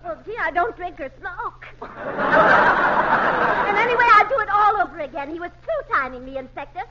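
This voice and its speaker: A woman's voice: extremely high pitch, animated, moderate pace, sharp tone, some chatter behind, slight background noise, exaggerated voice. An actress playing a giggly, scatterbrained woman suspect in a 1940s radio comedy. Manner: giggly, ditzy. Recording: muffled live radio recording with audience.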